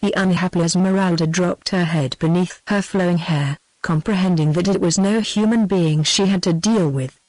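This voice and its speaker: A synthetic text-to-speech voice of a British woman reading a novel aloud in an even, machine-read way, sometimes speaking punctuation marks aloud. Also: on the low side, moderate pace, hardly any pauses, dry recording, poor audio. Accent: British English. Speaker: narrator. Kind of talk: scripted audiobook narration.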